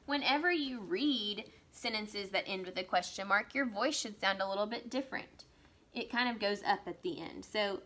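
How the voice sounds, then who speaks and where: A woman teacher talks young children through a writing lesson. Her voice is bright and forward. She slows down and stresses each example sentence she reads aloud. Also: mid-range voice. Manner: slow, exaggerated read-aloud of example sentences.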